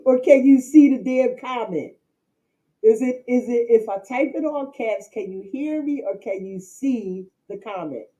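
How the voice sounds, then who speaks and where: Laughing, mellow-voiced woman streamer. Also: fairly high pitch, slow, pauses often, rough recording. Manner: animated, laughs often, repeats herself. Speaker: livestream host. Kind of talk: casual livestream chat. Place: home.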